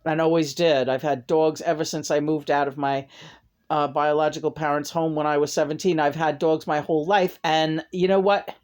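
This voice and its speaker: A woman's voice: deep voice, fairly even intonation, moderate pace, a little mellow. A middle-aged woman venting in a profane personal rant to her camera, her voice jumping up in angry bursts. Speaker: vlogger.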